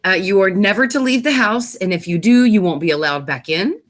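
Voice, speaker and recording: A woman's voice: medium pitch, fairly quick. A woman hosting a casual episode review, recapping the plot with many fillers and self-corrections. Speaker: host.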